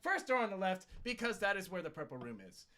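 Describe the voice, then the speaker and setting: Tell it like a man hosting a livestream who's milking a shaggy-dog joke: keep your pitch up high, your pace racing, and your tone bright. Stay playful and let the repetition roll on. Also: a little hiss or hum. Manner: animated, repetitive, playful, with quick self-corrections. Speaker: stream co-host telling a long joke.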